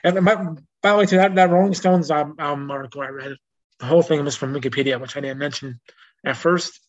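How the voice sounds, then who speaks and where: A man's voice: fairly high pitch, brisk. Rambling man hosting a music podcast. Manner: rambling, with restarts and self-corrections; reads out notes in a plain informational way. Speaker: podcast host. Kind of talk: casual solo music-history podcast. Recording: dull lo-fi recording.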